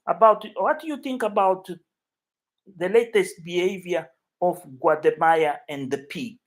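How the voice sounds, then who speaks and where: A man from Africa hosting a casual live chat from his flat, rambling and emotional as he talks to viewers by name. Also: high voice, a little slow. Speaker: YouTube livestream host.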